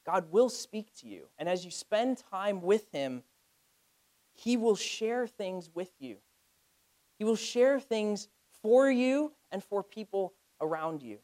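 A young adult man from the United States preaching a sermon, telling stories and rising to loud emphatic cries. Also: sits high, big pitch swings, slow. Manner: storytelling preacher, rises to loud cries in anecdotes. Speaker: pastor.

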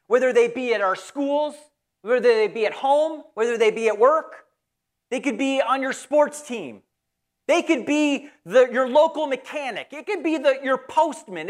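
A pastor giving a conversational, folksy sermon in church. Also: high voice.

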